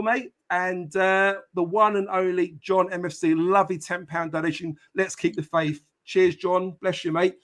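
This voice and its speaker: A chatty man hosts a live football podcast stream, his voice sitting a little higher than most men's. He talks casually with plenty of ums and uhs. He greets viewers one by one by name. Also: a bit bright. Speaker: podcast host.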